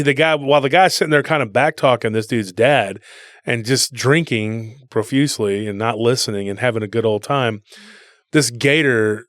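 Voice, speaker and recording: A man's voice: medium pitch, dry recording. Guy on a podcast just rambling through stories, calls people dude, dry sound with no room. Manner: rambling storyteller, says "dude". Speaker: podcast co-host. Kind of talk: casual podcast conversation.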